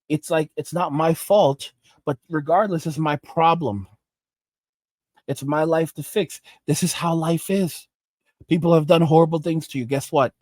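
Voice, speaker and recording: A man with a somewhat high voice delivers a ranting commentary, lecturing and exasperated, circling back over his words. The sound is dry and close, with no room around it. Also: darkish tone, no echo. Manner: exasperated, lecturing, repetitive restarts. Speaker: commentary channel host.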